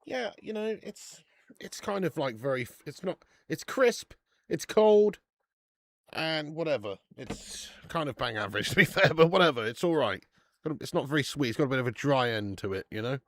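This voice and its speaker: A man hosting a casual live football watch-along stream, chatty and excitable, often laughing and loudly greeting viewers. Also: a little high, moderate pace.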